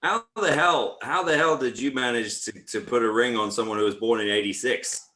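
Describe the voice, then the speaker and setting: A man's voice: mid-range voice, normal speed, sharp tone, rough recording. A man joining a live online chat as a guest over a video call, teasing the hosts with brash banter. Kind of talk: casual chat.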